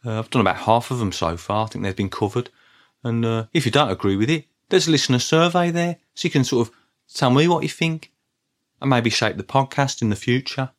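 A man's voice: medium pitch, fairly quick. A man with a Birmingham accent hosting a podcast, talking casually in a dry, level, self-deprecating way. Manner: dry, level delivery with little show of excitement. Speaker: podcast host. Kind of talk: casual solo podcast talk.

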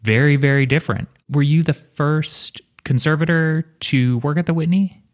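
A man's voice: on the high side, moderate pace. A man conducting an interview, asking questions in a friendly, easygoing way.

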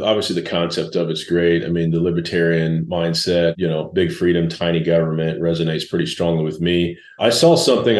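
A man's voice: sits low, roomy sound. A man in his forties, a guest entrepreneur telling blunt, laid-back stories in a casual interview.

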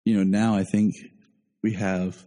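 Low mellow guy hosting a podcast chat, kinda echoey. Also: flat delivery, unhurried. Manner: opinionated, thinks aloud with repeats. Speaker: podcast host.

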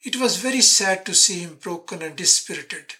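Bright-voiced storybook reader. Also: mid-range voice, expressive, low-quality recording. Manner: measured, reflective first-person telling. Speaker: story narrator. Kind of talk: scripted story reading.

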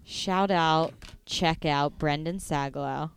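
A woman with a low-set, smooth and resonant voice speaking slowly in a podcast chat. She lands deadpan, raunchy one-liners. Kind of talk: casual group chat.

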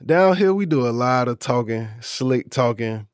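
A man's voice: medium pitch, expressive, a little slow, no echo, studio quality. A man in his thirties from Florida with a Southern accent, hosting a casual solo podcast in slangy, laid-back banter. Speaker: podcast host.

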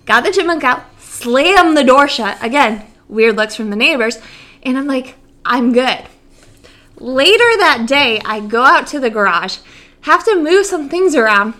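A young woman co-hosting a casual chat, telling a story with lots of laughter. Her voice sits high and bright. She jumps into exaggerated voices whenever she quotes someone. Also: a little slow. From Great Lakes region, USA. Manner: animated, laughing, acts out quotes with big jumps in pitch. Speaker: podcast co-host.

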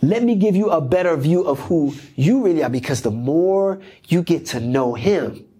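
Husky-voiced pastor preaching. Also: male voice, on the high side, animated, moderate pace, dark tone. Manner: repetitive, emphatic preaching cadence. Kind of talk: sermon. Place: church.

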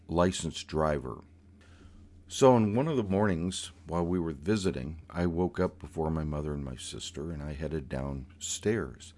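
A man narrating a personal story at an unhurried pace, his voice sitting low. He speaks in a measured, deliberate way, pausing and restarting now and then. The delivery stays calm and conversational.

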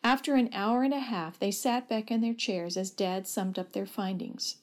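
A woman reads a family story aloud with a steady, gentle delivery. Her narration is plain and even-paced, in a storytelling style. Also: mid-range voice, moderate pace.

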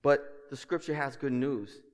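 Pastor preaching in a hall. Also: male voice, medium pitch, unhurried. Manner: emphatic, swings between hushed and loud; rhetorical questions and asides to the congregation. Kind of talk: sermon. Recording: reverberant church hall.

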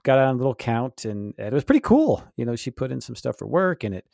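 A man in his fifties, co-hosting a podcast, telling a story in lively casual chat and laughing often. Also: mid-range voice, fast talker, vocal fry, no echo, studio quality. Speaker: podcast co-host.

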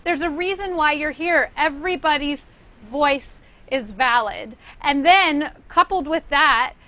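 Bright, high-voiced woman telling stories earnestly. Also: unhurried, low-quality recording. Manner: earnest, animated storytelling. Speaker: DJ panel guest. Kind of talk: casual panel discussion.

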